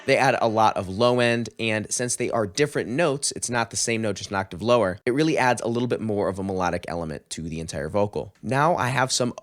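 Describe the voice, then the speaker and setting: A man's voice: lowish voice, brisk, hardly any pauses, no room sound. A man teaching a music production tutorial, explaining his settings step by step in an upbeat, explanatory way on a close studio mic. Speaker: mixing engineer teaching a tutorial.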